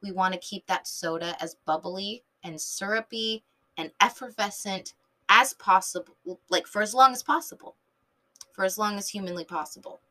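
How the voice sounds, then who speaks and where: Animated, swearing podcast woman from San Diego. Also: medium pitch, moderate pace. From San Diego, Southern California. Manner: animated, filler-heavy, swears freely, jumps between tangents. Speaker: podcast host. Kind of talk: casual rambling monologue.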